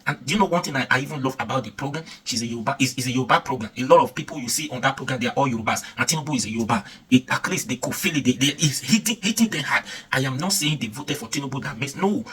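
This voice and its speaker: Angry Nigerian male vlogger, rapid-fire rhetorical questions, heard from a bit back. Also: mid-range voice, a bit bright, breathy edge, recorded from a distance. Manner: angry, fires off rhetorical questions, repeats himself. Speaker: political vlogger. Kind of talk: impassioned political rant.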